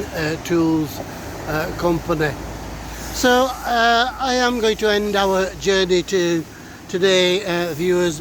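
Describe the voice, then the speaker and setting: A middle-aged man, out of breath, giving a hesitant, filler-heavy walking tour of local streets while talking to his viewers. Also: high voice. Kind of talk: casual walking commentary. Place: outdoors on town streets. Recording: faint street and traffic noise.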